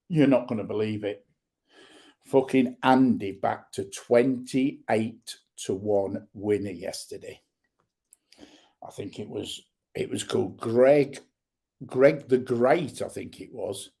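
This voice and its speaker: A middle-aged man, hosting a livestream and ranting bluntly with heavy swearing and shouted bursts. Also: fairly low pitch, vocal fry. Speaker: livestream host. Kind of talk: angry livestream rant.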